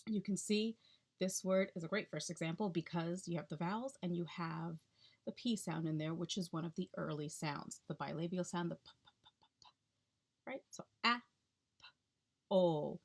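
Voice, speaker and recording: A woman's voice: lowish voice, steady tone, moderate pace, darkish tone. A woman speech-language pathologist explaining techniques in a chatty, instructional way, checking in with the listener often.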